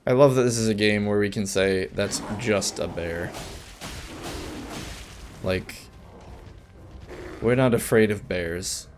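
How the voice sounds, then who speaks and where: A man's voice: fairly low pitch, measured pace, pauses often, slight background noise. A man giving casual, rambling commentary while playing a video game, with chatty asides and frequent restarts. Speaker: let's play gamer.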